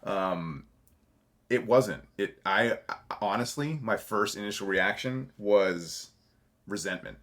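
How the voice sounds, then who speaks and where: A man's voice: on the low side, animated, slow, a bit bright. A man, a podcast guest and actor, talking candidly and rambling, correcting himself, swearing freely and laughing through his stories. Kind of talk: candid conversational interview.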